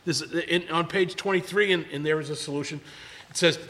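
A man's voice: fairly high pitch, a little fast, bright, forceful tone. An older man sharing his recovery story in casual talk. He rambles, stops and restarts a lot, and stammers over his words. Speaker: recovery speaker. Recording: long hall reverb.

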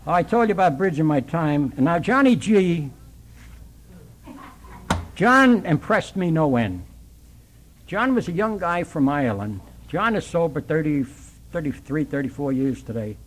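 Older New working man telling his recovery story, animated and plainspoken. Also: on the high side, unhurried, pauses often, a little hiss or hum, low-quality recording. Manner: plainspoken, working-class storyteller acting out dialogue.

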